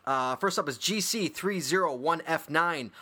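A man co-hosting a casual chat show, rambling excitedly with lots of fillers and restarts. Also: a little high, normal speed. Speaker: podcast co-host. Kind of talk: casual chat, listing favorite geocaches.

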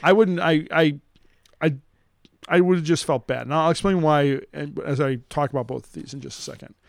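A man co-hosting a casual chat, joking around and slowly spelling out codes. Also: on the high side, vocal fry, dry recording, studio quality. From Chicago area. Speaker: podcast co-host.

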